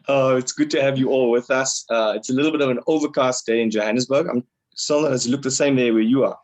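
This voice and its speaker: A man hosting an online webinar in a relaxed, joking way, with plenty of ums and easy laughter. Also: mid-range voice, normal speed, pauses often. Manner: jokey, laughs easily, filler-heavy. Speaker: webinar host. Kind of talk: casual hosting chat. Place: online video call.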